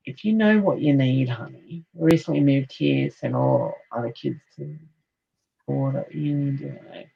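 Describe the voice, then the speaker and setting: A woman's voice: deep voice, creaky, slightly rough, lo-fi sound. A woman giving a psychic medium reading in a chatty, affectionate way, calling listeners honey and darling. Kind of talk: live online reading, casual chat.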